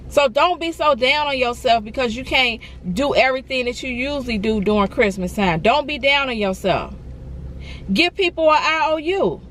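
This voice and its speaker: Woman vlogger, higher voice, earnest and encouraging, repeats herself, faint traffic hum behind. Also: fairly bright tone. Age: adult. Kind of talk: emotional storytime vlog.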